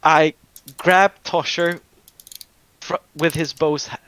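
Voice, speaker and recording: A man describing his character's actions in a tabletop game, slowly searching for words. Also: on the high side, fairly even intonation, a bit bright, rough recording. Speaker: player.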